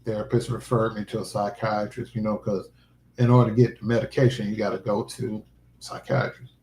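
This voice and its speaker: A middle-aged man hosting a livestream, telling a personal story in a halting, emotional way. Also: lowish voice, little pitch movement, a little mellow, slight background noise. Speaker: livestream host. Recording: roomy echo.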